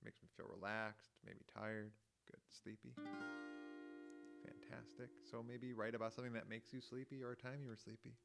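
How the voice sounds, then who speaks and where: Guitar chords accompany a man's children's lesson on feelings, recorded on a home mic. A music teacher, he speaks at a moderate pace in a creaky, medium-pitched voice with little pitch movement, gently unpacking each word, miming emotions with sighs and groans, and thinking out loud in chatty asides.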